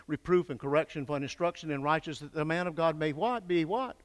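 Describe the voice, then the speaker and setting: An older man preaching a fervent sermon, swinging from hushed lines to shouted peaks and calling for answers from the congregation. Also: a little high, brisk, few pauses. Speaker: pastor. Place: church sanctuary. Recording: echoey church hall.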